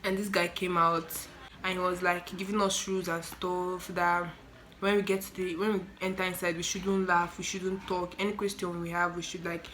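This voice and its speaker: A nineteen-year-old woman with a Nigerian accent, telling a story in an animated, exclaiming vlog style. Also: fairly low pitch, moderate pace, a little hiss or hum, poor audio. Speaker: student nurse vlogger.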